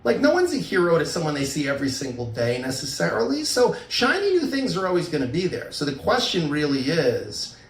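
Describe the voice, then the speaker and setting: Recorded from a distance in a roomy space, a middle-aged man's slightly high voice runs fairly quick with hardly any pauses. He's a divorce lawyer giving relationship advice on a casual podcast, animatedly telling stories and acting out the quoted voices.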